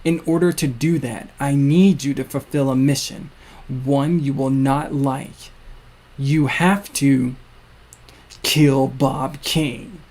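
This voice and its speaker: A suave, cold villain voiced by a man who speaks slowly and with menace, every word drawn out. His pitch sits mid-range and sounds smooth and controlled. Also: mellow. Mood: menacing. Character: suave male villainous future self, cold.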